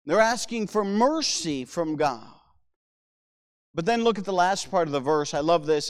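A man's voice: sits high, very animated, measured pace, in a large hall. A man preaching a sermon to his congregation, reading scripture aloud and pressing his points with rising and falling emphasis. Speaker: pastor.

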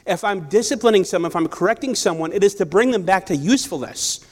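A man's voice: high voice, lively intonation, fast talker. Man preaching a casual sermon. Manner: conversational, storytelling, self-correcting. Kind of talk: sermon with personal stories.

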